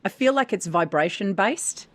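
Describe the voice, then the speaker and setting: A woman's voice: medium pitch, expressive, normal speed, a bit bright, no echo. A woman co-hosting a voice-acting podcast, chatting in a reflective way and repeating words as she thinks. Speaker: podcast co-host. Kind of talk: casual chat.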